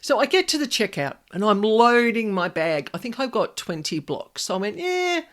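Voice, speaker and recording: This solo podcast host is an Australian woman and paranormal specialist, telling a casual personal anecdote in a medium-pitched, animated voice at normal speed. She performs her own inner voices as she goes.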